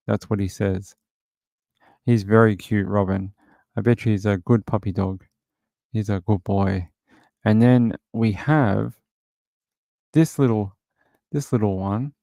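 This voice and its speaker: A man's voice: lowish voice, dark tone, no echo, clean studio sound. A man hosting a livestream, casually chatting and rambling with many filler words as he reads out viewer comments. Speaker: livestream host.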